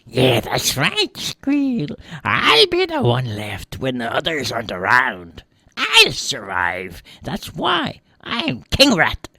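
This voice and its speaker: A woman's voice: rumbling low, huge pitch swings, slow pace, creaky, pushed and bright, no echo, studio quality, pitched above the performer's own voice, exaggerated voice. A woman voicing a boastful, scheming male rat king who screeches and laughs as he talks.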